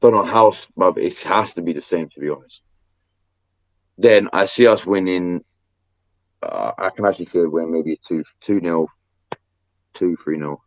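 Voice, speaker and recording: A man co-hosting a casual sports podcast, telling stories in an animated way. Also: low voice, moderate pace, long pauses, no echo, highs cut off. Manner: animated storytelling. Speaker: podcast co-host. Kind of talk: casual chat.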